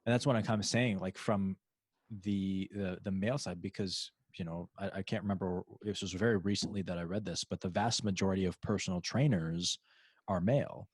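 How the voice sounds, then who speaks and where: Podcast host, male, lowish voice, dry close sound, loose rambling delivery with lots of restarts. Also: fairly even intonation, a little fast, breathy edge, no room sound. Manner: rambling, many restarts and fillers. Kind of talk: casual interview chat.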